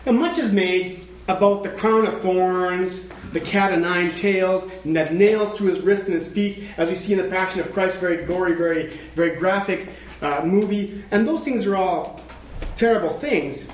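Dramatic high-voiced male preacher, echoey room. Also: moderate pace, a little hiss or hum. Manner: dramatic, swings from hushed to shouting. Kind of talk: sermon.

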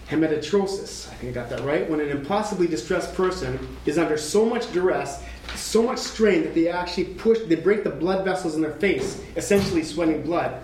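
A man preaching a sermon in a dramatic way, dropping to a hush and then rising toward a shout. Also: a little high, reverberant, a little hiss or hum, rough recording. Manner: dramatic, swings from hushed to shouting.

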